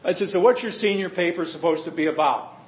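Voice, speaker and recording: Male pastor, fairly high voice, chatty storytelling sermon, roomy church sound, slightly muffled recording. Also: fast talker, slight background noise. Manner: conversational storytelling with humor.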